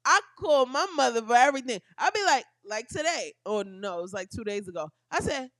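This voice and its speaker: A podcast co-host in casual chat, talkative and quick to laugh, joining in with impressions. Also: female voice, fairly high pitch, lively intonation, fairly bright tone, no room sound, studio quality. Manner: chatty, laughs a lot, joins in on impressions.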